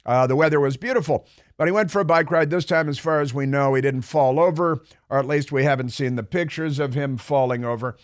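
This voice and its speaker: A man's voice: fairly high pitch, brisk, no room sound, clean studio sound. A man hosting a political talk radio show, delivering a sarcastic, rambling monologue full of fillers and restarts.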